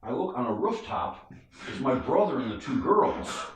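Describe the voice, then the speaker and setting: A man's voice: medium pitch, normal speed. A young man, a stand-up comic, telling a wild story on a podcast, casual and profane, acting out the people in it. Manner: animated, profane, acts out voices. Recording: echoey room, distant mic.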